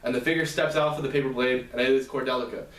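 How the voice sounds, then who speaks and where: A man casually retelling a novel's plot as a lecture, halting and restarting often. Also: medium pitch, fairly even intonation, fairly bright tone. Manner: halting, many fillers and restarts. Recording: roomy, distant mic.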